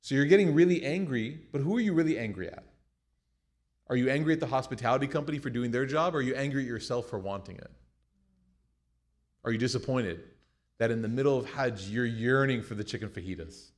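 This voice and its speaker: An American man in his young adult years leads a class in a loose, conversational way. He keeps things light with jokes and lively retold anecdotes, and his voice sits at an ordinary middle pitch. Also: fast. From United States. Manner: conversational, joking, animated retelling. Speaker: teacher. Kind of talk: class lecture with storytelling.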